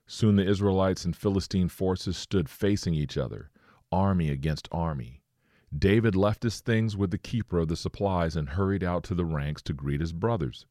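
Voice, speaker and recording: A man preaching a sermon, reading scripture and slowing to stress his points. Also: deep voice, darkish tone, no echo, studio quality.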